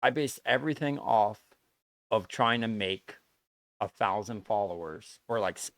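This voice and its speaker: A man's voice: lowish voice, measured pace, fairly bright tone, dry recording. A man streaming live, talking earnestly and at length to his chat, repeating his points and swearing often. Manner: earnest, lecturing and repetitive, with frequent swearing.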